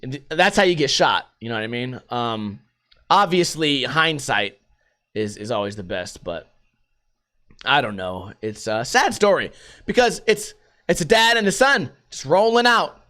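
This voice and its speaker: A man's voice: medium pitch, lively intonation, measured pace, bright, forceful tone. A man hosting a solo podcast, ranting casually and profanely and throwing in put-on voices. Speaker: podcast host.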